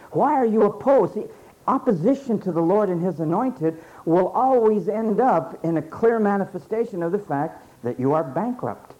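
Man, sermon, high mellow voice, emphatic repetition. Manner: emphatic preaching with repeated phrases and drawn-out pauses. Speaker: preacher. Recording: dull lo-fi sermon recording.

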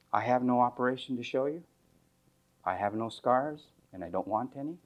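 A male pastor preaching a sermon in a sarcastic, mocking storytelling manner, swinging from loud outbursts to low asides. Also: lively intonation, moderate pace, muffled recording.

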